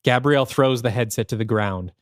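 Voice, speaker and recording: A man co-hosting a podcast narrates a story pitch, thinking aloud as he goes. His voice sits at an ordinary man's pitch, and the recording is dry and close. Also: fairly quick, no echo. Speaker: podcast co-host.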